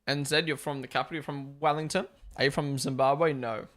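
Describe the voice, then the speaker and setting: A young man streams a live watch-along, chatting casually and swearing as he answers viewers. His mid-range voice is steady and fairly bright, and he talks briskly. Born in Australia and raised in New Zealand, he speaks with a blend of both accents.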